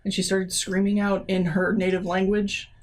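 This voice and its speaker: A woman playing a tabletop role-playing game, asking questions and chatting. Her voice sits at a middle pitch and sounds casual and inquisitive. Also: little pitch movement, normal speed, a crowd in the background. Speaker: player.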